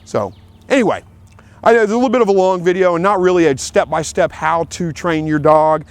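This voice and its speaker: Man, easygoing plain talk, fairly high voice, dry close sound, outdoors, dog training chat. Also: expressive, brisk, no room sound. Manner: plain, easygoing, repeats himself, calls out commands to his dog. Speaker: dog owner giving training tips. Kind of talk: casual outdoor vlog talk. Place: outdoors in a field.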